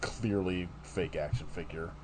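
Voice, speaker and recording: A man's voice: deep voice, a little slow, darkish tone, slight background noise. A man co-hosting a podcast, chatting bluntly, laughing and swearing a lot. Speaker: podcast co-host. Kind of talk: casual chat.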